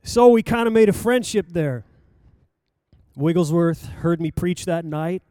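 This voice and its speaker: An older man preaching, telling a personal story in a lively anecdotal way with acted-out quotes. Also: on the high side, measured pace, clean tone, dry recording, clean studio sound. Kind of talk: sermon storytelling.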